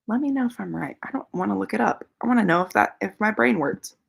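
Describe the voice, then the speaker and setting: A woman's voice: medium pitch, expressive, fast, gravelly, slightly rough. A woman hosting a casual livestream, rambling and thinking aloud with lots of fillers as she answers viewers. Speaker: livestream host reading viewer comments.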